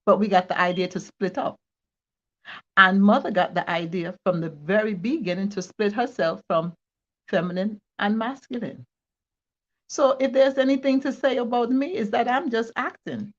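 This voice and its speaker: A woman's voice: mid-range voice, normal speed. A woman talking as a returning guest on an online talk show, in a playful, rambling way with frequent laughs. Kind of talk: casual interview conversation. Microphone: video call. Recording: dull lo-fi video call audio.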